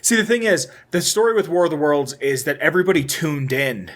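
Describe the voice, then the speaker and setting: Young male podcast co-host, slightly high voice, rambling casual talker. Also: expressive, fairly quick, a bit bright. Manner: rambling, swears casually, trails off and restarts. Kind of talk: casual chat.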